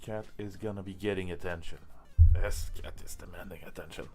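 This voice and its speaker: A man's voice: low voice, steady tone, brisk, darkish tone, soft background music. A man with a Swedish accent, a native Swedish speaker, giving casual commentary while he plays a game, muttering to himself and humming filler syllables. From Sweden. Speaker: game streamer.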